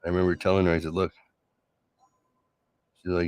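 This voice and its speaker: A middle-aged man hosting a solo late-night show, talking through love and conflict in a sarcastic, reflective way with many halting restarts. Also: low voice, level tone, a little mellow, smooth, no room sound. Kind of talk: late-night personal monologue.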